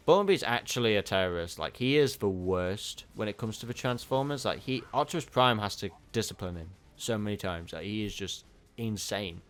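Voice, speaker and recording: A man hosting a casual let's-play, excitable and self-mocking. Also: on the low side, normal speed. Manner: excitable, self-mocking, prone to laughing outbursts. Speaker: gaming channel host.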